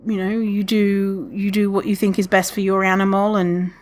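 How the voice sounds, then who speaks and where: A woman hosting a podcast alone, chatting casually, swearing freely and laughing often, with many restarts. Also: moderate pace. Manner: animated, lots of restarts, acts out quotes in a higher voice. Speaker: podcast host. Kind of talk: casual solo podcast talk.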